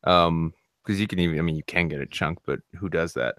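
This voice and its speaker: A man's voice: deep voice, a little fast, a bit bright, dry recording, clean studio sound. An American man in casual live-stream chat, joking crudely and swearing freely. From United States.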